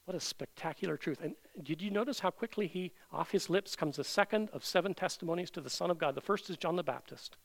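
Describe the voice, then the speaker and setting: A man preaching a sermon as pastor, emphatic, with many rhetorical questions and loud declarations. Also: high voice, fast, gravelly, hardly any pauses, low-quality recording.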